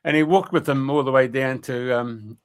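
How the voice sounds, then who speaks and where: A man's voice: mid-range voice, normal speed, clean tone. Rambling man telling a story. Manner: colloquial and rambling, many fillers, mild swearing. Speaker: guest. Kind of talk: storytelling in a radio interview.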